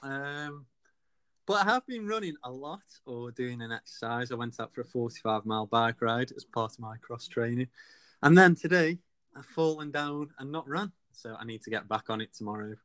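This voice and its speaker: A man's voice: mid-range voice, animated, normal speed, fairly bright tone, no room sound. Man, cheery podcast host from England, casual and chatty banter with a co-host. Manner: cheery, chatty, laughs often.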